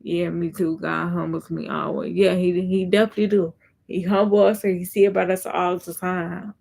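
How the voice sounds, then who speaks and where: A woman talks earnestly about faith on a live stream, reading comments out loud and answering them. Her voice stays low and even, with a steady gravelly fry. She circles back and repeats her points as she goes. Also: normal speed. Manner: reads viewer comments aloud and answers them. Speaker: content creator.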